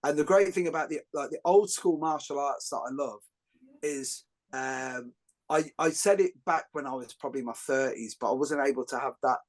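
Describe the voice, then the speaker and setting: A middle-aged man, hosting a podcast and telling jokey stories in a lively, rambling way with many fillers and restarts. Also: mid-range voice, normal speed. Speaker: podcast host. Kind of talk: casual podcast conversation.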